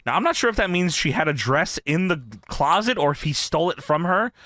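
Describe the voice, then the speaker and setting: A man's voice: on the high side, lively intonation, fairly quick, bright, forceful tone, no echo, clean studio sound. A young man in a casual, profane chat, laughing as he retells scenes. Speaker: commentator.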